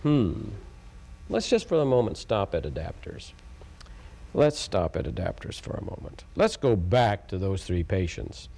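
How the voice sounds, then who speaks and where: A man from Oklahoma lectures on tape, emphatic and repetitive and full of rhetorical questions. His voice is gravelly. His pitch swings widely. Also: sing-song, measured pace, warm tone. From Oklahoma, USA. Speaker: lecturer on communication. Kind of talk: taped educational lecture.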